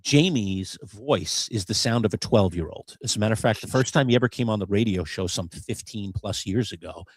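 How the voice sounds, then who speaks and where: A man's voice: on the low side, brisk, few pauses, dry recording, clean studio sound. A man co-hosting a live podcast, telling a long story with many fillers. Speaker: co-host.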